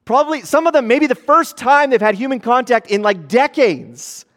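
A man's voice: very high voice, normal speed. Man preaching in a reverberant hall. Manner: conversational preaching, shifting from hushed to animated. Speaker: pastor. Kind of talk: sermon.

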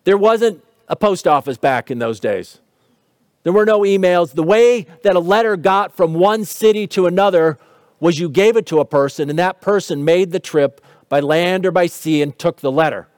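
Guy with a high voice preaching, explains stuff, asks the crowd questions, dry close sound. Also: normal speed, a little mellow, no room sound. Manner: teaching tone with light humor. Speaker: pastor. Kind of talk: sermon.

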